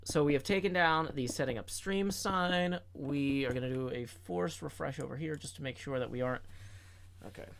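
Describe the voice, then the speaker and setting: A man streaming a game and chatting casually, rambling with playful deadpan jokes. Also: fairly high pitch, normal speed, vocal fry. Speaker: streamer and co-host. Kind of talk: casual chat while gaming.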